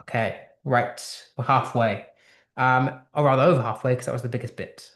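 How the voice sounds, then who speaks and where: In an echoey room, a British English literature tutor unpacks a text for a lesson, thinking out loud with restarts and asking one rhetorical question after another. The voice stays steady in tone, medium in pitch and moderate in pace.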